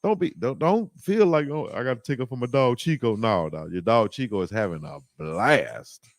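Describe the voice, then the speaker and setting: A man hosting a live stream, tossing out slang and cracking up at his own stories. His voice sits at an ordinary mid pitch. It is recorded close and dry, with no room sound around it. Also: moderate pace, dry recording. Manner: animated, laughing, slangy banter. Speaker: live-stream show host. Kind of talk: casual live-stream chat.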